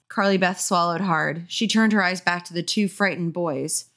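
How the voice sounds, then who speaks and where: A tipsy young woman reading a children's horror book aloud for laughs. She stumbles over phrases and breaks off into wry, sarcastic commentary, her pitch moving around a lot. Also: moderate pace, fairly bright tone. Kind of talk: comedic drunk read-aloud.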